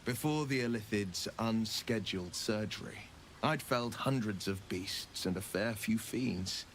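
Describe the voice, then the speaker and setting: A man's voice: lowish voice, measured pace, natural voice. An actor playing an arch, sardonic male adventurer companion with polished, theatrical diction in a video game. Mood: wry. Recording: game audio with faint background noise.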